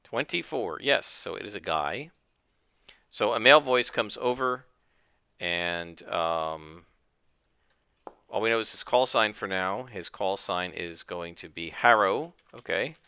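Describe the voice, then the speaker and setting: A man's voice: on the low side, expressive, a little slow, bright, forceful tone, clear, resonant tone, dry recording. A man narrating his solo tabletop game, thinking aloud with many fillers.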